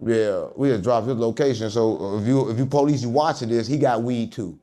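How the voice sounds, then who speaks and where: A man with a mid-range voice recounts a story at a fairly quick clip while being interviewed. It's casual and lively, with jokes and impressions of the people involved.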